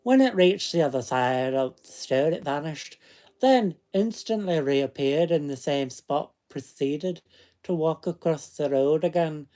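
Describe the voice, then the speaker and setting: A man's voice: a little high, unhurried, warm tone. A man reading ghost stories aloud in a put-on Scottish accent, chatting casually between passages. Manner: chatty asides that break off the reading. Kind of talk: casual read-aloud storytelling.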